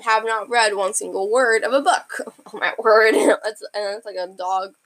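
A woman's voice: mid-range voice, moderate pace, a bit bright, low-quality recording. A young woman casually reading funny pet tweets aloud, giggling often and stumbling over words. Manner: giggly, chatty, many fillers and restarts.

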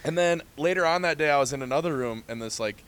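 A young man co-hosting a casual podcast, telling stories and acting out quoted people in high squeaky voices. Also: fast talker, a crowd in the background. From Midwestern US. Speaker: podcast co-host.

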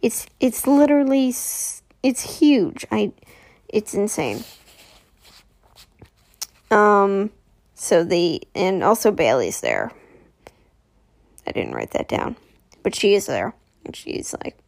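A woman's voice: medium pitch, big pitch swings, takes it slowly, vocal fry, long pauses, dry recording. A woman casually recapping a TV episode, rambling with lots of "um, anyway" and correcting herself as she goes.

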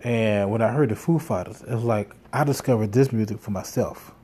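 A man's voice: lowish voice, brisk, warm tone, slightly rough. A man telling a casual, rambling story, swearing often and full of fillers and restarts. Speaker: podcast host.

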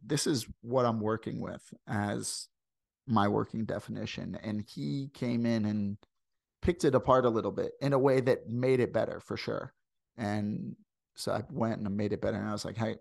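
Midwestern American man, podcast host, low gravelly voice, dry close sound, rambling chatty delivery. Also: dry recording. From St. Louis, USA. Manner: rambling, digressive, many fillers. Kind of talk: casual podcast chat. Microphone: video call.

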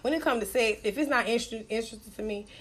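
High-voiced blunt woman telling stories. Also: fast. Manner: blunt, profane, animated, acts out quotes. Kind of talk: casual chat, frank storytelling.

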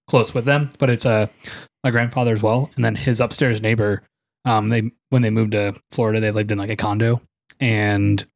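A man co-hosting a podcast in casual chat, telling loose stories with frequent swearing and laughs. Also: lowish voice. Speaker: podcast co-host.

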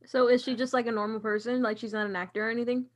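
A curious young woman joins her friends on a podcast, asking questions and adding her own stories. Her voice sits a little higher than most women's. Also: flat delivery, very fast. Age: young adult. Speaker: podcast co-host. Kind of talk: casual chat among friends.

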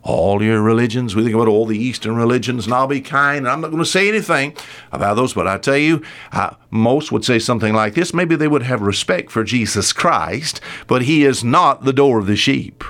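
On his weekly radio sermon, a male preacher speaks emphatically, expressively, and fairly quickly. His pitch rises high as he drives a point home, then drops low and quiet for the serious lines.

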